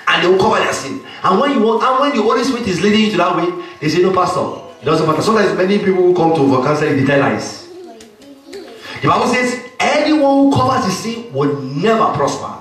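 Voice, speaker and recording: A man preaches with a high, emphatic voice, dropping "Amen" between his points. He sounds distant from the microphone. The hall around him rings with heavy echo. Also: expressive, quick pace, fairly bright tone. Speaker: pastor. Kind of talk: sermon.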